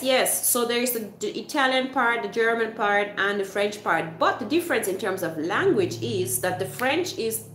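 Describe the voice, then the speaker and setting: A woman's voice: mid-range voice, a little hiss or hum. Chatty Swiss woman livestreaming in a roomy space. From Switzerland. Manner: chatty, explains with many fillers and restarts. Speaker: livestream host reading chat. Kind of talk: casual live chat.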